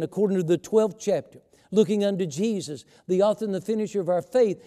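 A middle-aged male pastor preaching a sermon in a church, reading scripture with slow, emphatic phrasing. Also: high voice, mellow. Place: church sanctuary. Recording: long church reverb.

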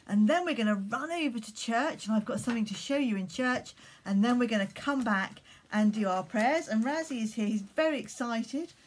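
A woman leading collective worship for primary school children, speaking gently and reading them a story. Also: fairly high pitch, a little hiss or hum.

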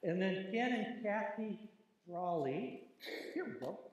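Man, high-pitched, folksy church announcements, long hall reverb, faint noise behind. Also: animated, slow pace. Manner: folksy and joking, with many ums and uhs. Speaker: church leader giving announcements. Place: large church sanctuary.

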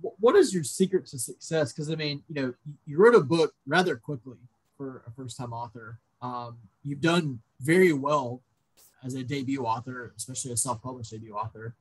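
A man's voice: mid-range voice, normal speed, breathy edge, poor audio. A man, hosting a casual interview as a book blogger and asking long, conversational questions. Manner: relaxed, conversational, asks long rambling questions. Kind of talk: casual video-call interview.

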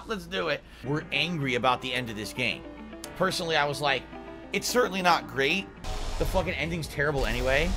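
A man giving casual gameplay commentary, excitable and prone to laughing and mock-outraged rants. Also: a little high, brisk, over music.

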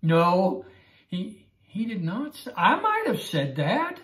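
A man's voice: high voice, wildly swooping pitch, unhurried, a bit bright. A man teaching a Bible lesson in an earnest way, often stammering and repeating himself. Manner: earnest, repetitive, stammering restarts. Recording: roomy echo.

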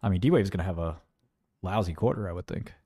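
A man's voice: low-pitched, a little fast, warm tone, dry recording, clean studio sound. A man giving rambling, sarcastic livestream commentary, mocking and wandering off topic.

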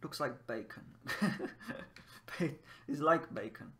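A man's voice: fairly high pitch, expressive, slow pace, a bit bright. A man casually teaching Japanese words while playing a game, laughing often and drilling phrases by repeating them. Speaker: language teacher. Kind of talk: casual gameplay lesson.

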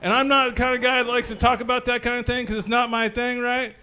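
A young man with a high voice performs crude stand-up at a brewery gig. He tells his stories with lively energy and acts out panicked voices in them. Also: fast talker, clean tone. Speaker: stand-up comedian. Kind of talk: stand-up comedy set. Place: brewery comedy show.

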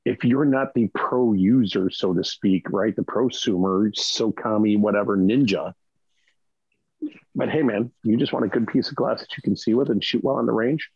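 A man with a low, rough, fry-laden voice talks shop in an emphatic, casual way, tossing in "right?" as he goes. He sounds husky and a bit muffled over a remote link. The sound is close and dry. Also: normal speed, darkish tone, no room sound. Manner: emphatic, keeps asking "right?". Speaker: podcast panelist. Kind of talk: casual panel chat.

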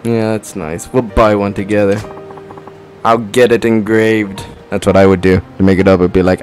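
A man with a low voice riffs crudely and laughs as he plays through a game on stream. Soft game music runs underneath his casual commentary. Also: flat delivery, moderate pace. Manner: crude, joking, laughs often.

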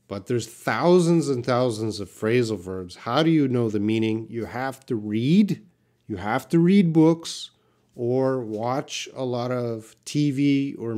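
A man teaching English on a live stream, slowly answering viewers' questions one by one. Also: medium pitch, animated, darkish tone. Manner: slow, patient, reads out viewer questions. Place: classroom with a whiteboard.

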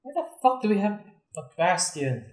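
A man's voice: high voice, sing-song, moderate pace, darkish tone, roomy sound. A man playing a video game with friends, blunt and dry, swearing and explaining the controls. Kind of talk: casual let's play chat.

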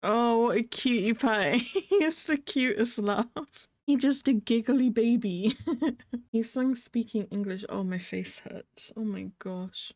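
A woman's voice: fairly high pitch, slow, darkish tone, dry recording. A woman hosting a reaction video, chatting casually and gushing with giggles as she thinks aloud.

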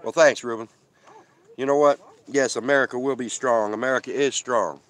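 Reading viewer comments aloud between bites, a van-life vlogger rambles and chats casually on a live stream from a desert campsite. He has a mid-range voice, fairly even in intonation, at a moderate pace.

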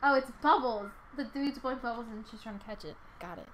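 A woman streamer giving casual let's-play commentary, chatty, reacting loudly and laughing often. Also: fairly high pitch, expressive, fast talker, slight background noise.

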